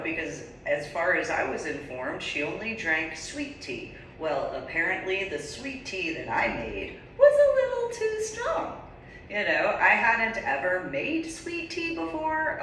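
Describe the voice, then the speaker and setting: A woman in her forties from New Jersey telling a story casually, animated and laughing often, in an echoey room far from the mic. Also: mid-range voice, a little slow, slight background noise. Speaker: vlogger.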